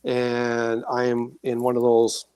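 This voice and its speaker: A man telling his own experiences as a guest in a casual interview, animated and acting out voices and sounds. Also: mid-range voice, slow pace, clear, resonant tone, dry recording. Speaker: guest, author and paranormal experiencer.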